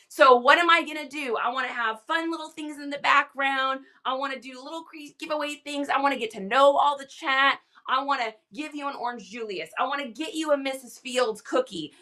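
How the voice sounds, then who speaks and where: A middle-aged woman hosts a live reselling stream, chatting casually and energetically with enthusiastic tangents. Her voice is high, bright and forceful.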